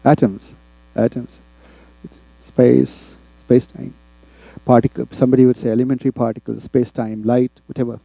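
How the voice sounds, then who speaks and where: A man from India teaching a class, often checking in with the students with quick tag questions. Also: medium pitch, little pitch movement, creaky, mellow, no echo, dull audio. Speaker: instructor. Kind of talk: classroom lecture.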